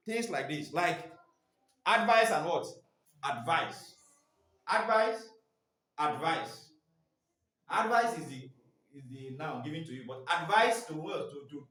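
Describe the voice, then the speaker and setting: A man's voice: fairly high pitch, fairly bright tone. Quizzing male trainer, echoey room. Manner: quizzing listeners with fill-in questions. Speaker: staff trainer. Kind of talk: classroom teaching.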